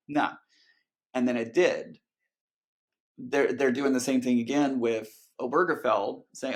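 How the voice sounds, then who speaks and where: A man, a guest on an interview podcast, talking earnestly and emotionally, often pausing and restarting. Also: mid-range voice, fairly even intonation. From Texas. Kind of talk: candid conversational interview.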